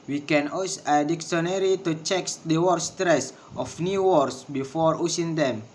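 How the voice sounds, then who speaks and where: Male presenter, slightly high voice, reads lesson notes at a very slow, careful pace. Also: darkish tone. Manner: slow, careful reading with word drills. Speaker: English pronunciation presenter. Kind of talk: reading lesson notes aloud.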